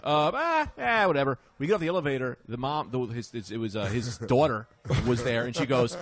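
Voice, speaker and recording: A man telling comic stories as a podcast guest, a little buzzed, bursting into loud high voices to act out the people in his stories. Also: lively intonation, brisk. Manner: acts out characters with loud high-pitched outbursts. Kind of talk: animated comedic storytelling.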